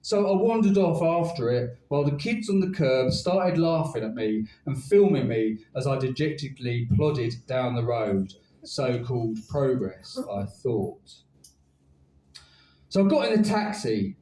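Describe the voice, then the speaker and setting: Male spoken word poet, wry comic storyteller, lively swooping delivery, recorded at a distance in a roomy venue. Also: mid-range voice, a little slow. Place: live spoken word night with an audience.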